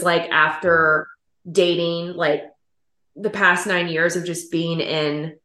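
A woman host talks openly and casually, laughing easily and swearing now and then. Her voice sits low for a woman. The room around her rings with echo. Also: bright, forceful tone. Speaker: podcast host. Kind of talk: casual podcast conversation.

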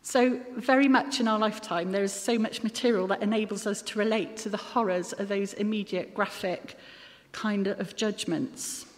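A woman's voice: mid-range voice, fairly even intonation, normal speed. A woman preaching a sermon in an earnest manner, with occasional self-deprecating asides. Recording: long hall reverb.

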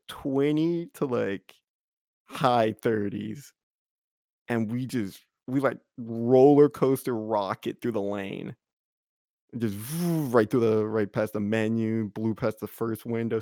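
A young man spins a rambling, laugh-filled anecdote with a gravelly, creaky edge to his voice. He talks loosely and piles up filler words. The sound is close and dry, with no room around it. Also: mid-range voice, steady tone, a little slow, warm tone, no room sound. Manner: rambling, full of "like", breaks into laughter. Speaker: podcast co-host. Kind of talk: casual storytelling chat.

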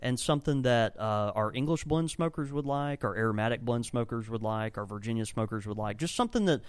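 Brisk and clear, this man's medium-pitched voice has a resonant tone and no room sound. He owns a tobacco shop and blends tobacco, and in this laid-back podcast chat he rambles eagerly, frequently starting his sentences over.

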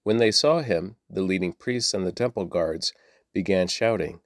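A man reading scripture aloud in a very low voice. He keeps a steady pace, now and then repeating a word or correcting himself, and the sound is dry and close. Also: normal speed, no room sound. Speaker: Bible reader.

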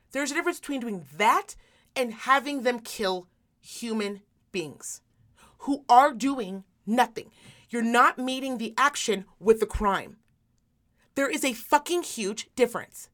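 A woman who works in medicine hosts a podcast, talking casually but in a heated, emphatic way and swearing often. Her voice is a little high with a fairly bright tone.

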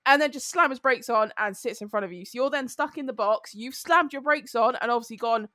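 Animated woman. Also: a little high, fairly quick, dry recording. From England. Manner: animated storytelling, swears freely. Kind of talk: casual chat.

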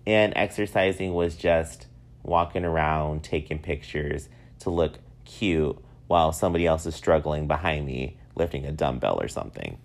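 A man in his thirties with a very low voice, hosting his own podcast. He talks casually and tells stories about himself in a lively, self-mocking way. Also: moderate pace. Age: 30s. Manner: self-mocking, animated storytelling. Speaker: podcast host. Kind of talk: casual solo podcast monologue.

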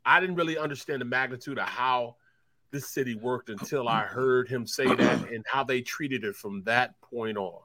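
A man's voice: mid-range voice, moderate pace, bright, forceful tone, dry recording. A man who used to play football, co-hosting a sports talk show and telling long rambling stories with lots of repeats. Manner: rambling storyteller, repeats himself. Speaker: co-host, former football player.

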